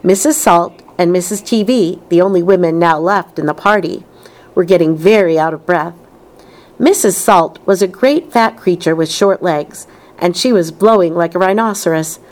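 A woman reading a children's novel aloud, unhurried and expressive. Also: on the low side. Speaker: reader.

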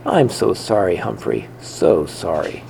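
A man reading the part of a kind young girl in a storybook, speaking softly and soothingly. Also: lowish voice, moderate pace, gravelly, slight background noise. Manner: soft, soothing.

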